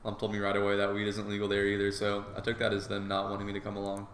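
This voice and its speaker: A man's voice: on the low side, monotone, rapid-fire, a little hiss or hum, lightly acted. A man voicing a crude teasing teen guy. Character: brash crude teenage male animal. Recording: echoey room, soft guitar music.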